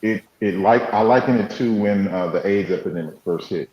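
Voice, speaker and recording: A man on a radio talk panel reflects aloud, stopping and restarting his thoughts. His voice sits fairly low, and it comes through an echoey room on a dull, muffled mic. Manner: reflective, halting, with many restarts. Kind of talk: casual radio talk show conversation.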